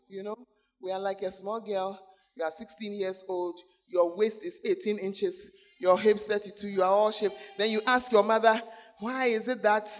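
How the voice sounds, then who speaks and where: Brief: high-pitched male pastor, animated sermon delivery, keeps checking in with the congregation. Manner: animated, calls out to the congregation, laughs between points.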